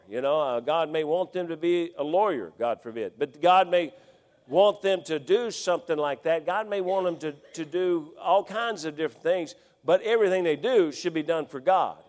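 A middle-aged man preaching a folksy sermon, swinging between loud exhortation and hushed storytelling. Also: on the high side. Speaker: pastor. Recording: long hall reverb.

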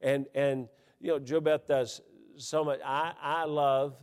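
Animated preacher in an echoing hall. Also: male voice, slow pace. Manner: animated preaching with wide swings in pitch and loudness, folksy asides and chuckles. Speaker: pastor. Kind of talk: sermon. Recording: long hall reverb.

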